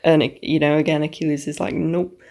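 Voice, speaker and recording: Whispery husky young woman. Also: mid-range voice, steady tone, unhurried, warm tone. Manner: chatty, swears casually, often drops to a whisper. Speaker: book vlogger. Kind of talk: casual reading vlog recap.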